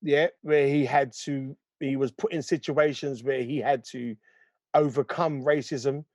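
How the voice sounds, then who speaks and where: A man co-hosting a casual chat, answering thoughtfully with pauses. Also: medium pitch, steady tone, a little mellow, no room sound. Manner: thoughtful, pausing with ums. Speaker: co-host.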